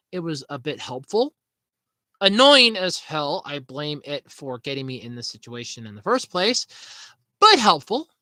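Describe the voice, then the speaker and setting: A man's voice: a little high, sharp tone, no echo. A man hosting a podcast in casual, rambling chat, swearing freely and laughing at his own jokes. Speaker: podcast host.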